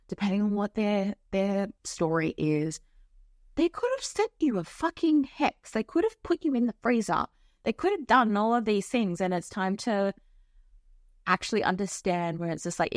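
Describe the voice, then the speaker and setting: A woman's voice: lowish voice, no echo, studio quality. A young woman hosting a podcast, chatting casually and frankly about spiritual topics, swearing freely and using lots of fillers. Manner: frank and profane, with frequent fillers. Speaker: podcast host.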